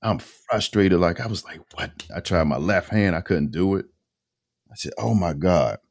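Very deep-voiced man telling a story. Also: moderate pace. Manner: animated storyteller, acts out quoted dialogue, casual slang. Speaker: podcast guest, voice-over artist. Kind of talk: casual storytelling interview.

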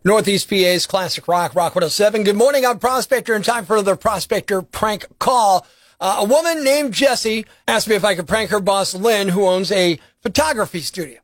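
High-voiced radio guy, brash and punchy, dry studio sound. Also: fairly quick, no room sound. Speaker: radio morning show host. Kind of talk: energetic radio storytelling. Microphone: studio microphone.

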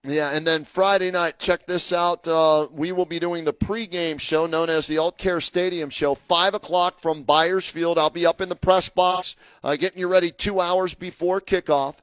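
A man co-hosting a local sports radio show, his voice pitched high and recorded dry and close. He talks in an upbeat, rambling way, full of promotions and fillers. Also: fairly even intonation, moderate pace, fairly bright tone, clean tone, no room sound. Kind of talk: casual radio talk.

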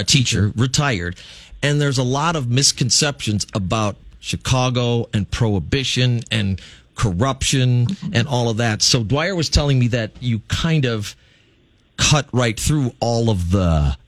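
A man's voice: medium pitch, measured pace, no room sound. A man hosting a radio show, joking and teasing his guest in casual talk. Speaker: radio host.

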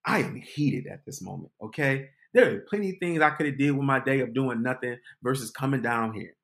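A man hosting a podcast, telling a comic story in an animated, dramatic way. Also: mid-range voice, brisk, gravelly. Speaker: podcast host. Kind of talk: comedic storytelling.

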